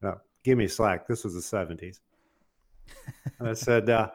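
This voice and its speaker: An older man telling a funny personal story in an animated, casual way, often laughing and acting out what others said. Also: on the low side, measured pace, long pauses. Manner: laughs often while telling, acts out quoted voices.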